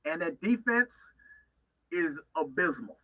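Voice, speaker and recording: A man's voice: fairly high pitch, animated, takes it slowly, sharp tone, poor audio. A man giving opinionated football analysis on sports talk radio, emphatic and often restarting his phrases.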